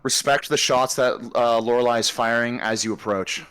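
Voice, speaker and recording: A man acting as game master, narrating a role-play battle slowly and dramatically and giving orders to players. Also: mid-range voice, fairly even intonation, a bit bright, clean tone.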